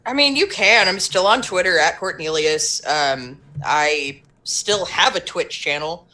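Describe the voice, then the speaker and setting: A woman's voice: lowish voice, lively intonation, unhurried, sharp tone. A woman playing in a live tabletop stream, chatting in an offhand, wry way. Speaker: player. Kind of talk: casual chat on a live stream.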